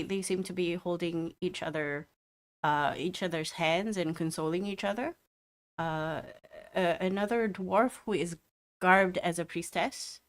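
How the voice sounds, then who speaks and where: A woman narrating as game master of a tabletop game, hesitant with many fillers. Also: fairly low pitch.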